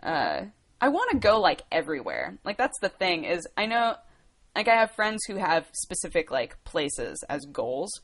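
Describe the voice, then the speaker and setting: A woman's voice: lowish voice, wildly swooping pitch, normal speed, a bit bright. A woman in her twenties from the United States, chatting casually on a livestream, rambling and laughing as she answers viewer questions. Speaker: livestream host.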